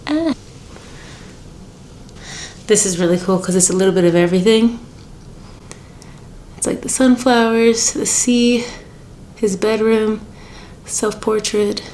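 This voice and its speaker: A woman's voice: mid-range voice, darkish tone, slight background noise. A young woman from the United States, chatting casually and bubbly as a travel vlogger, laughing often. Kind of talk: casual vlog chat. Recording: music playing behind.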